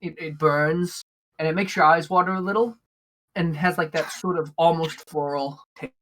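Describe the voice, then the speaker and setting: A woman narrating a tabletop game as game master, halting with many fillers. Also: sits low, a bit bright.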